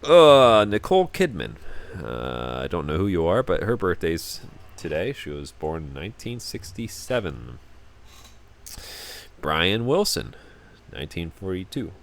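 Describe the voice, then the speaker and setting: A young man with a low voice talks through a casual solo podcast. His pitch jumps around a lot as he rambles and stumbles over repeated words at the starts of sentences. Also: sing-song, measured pace. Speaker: podcast host.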